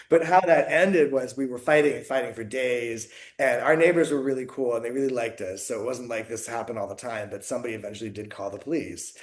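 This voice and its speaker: Man from the US, podcast guest, mid-pitched voice, rambling and reflective, lots of fillers. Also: normal speed. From United States. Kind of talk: casual conversation.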